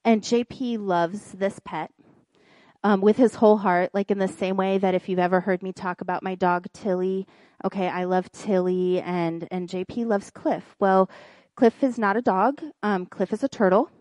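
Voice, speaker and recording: A woman, a pastor's wife, preaching in church and telling a funny personal story in an animated way. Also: medium pitch, moderate pace, dry recording. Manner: animated storytelling, acts out quoted voices. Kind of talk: sermon with a humorous personal story.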